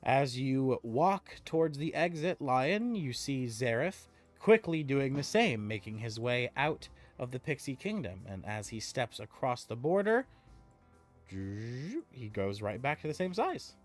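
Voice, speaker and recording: A man's voice: mid-range voice, sing-song, a little slow, faint music behind. Man narrating as game master. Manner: descriptive with frequent restarts and laughter.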